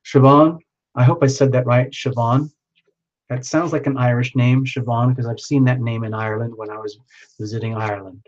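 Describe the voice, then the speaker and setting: A man's voice: medium pitch, fairly even intonation, normal speed, dull audio. A man hosting a live tarot reading, chatting and rambling as he reads out viewers' names.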